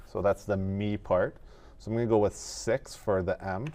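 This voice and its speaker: A man teaching animation in a screen-recorded tutorial, explaining each step in a methodical, relaxed way. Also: fairly low pitch, moderate pace.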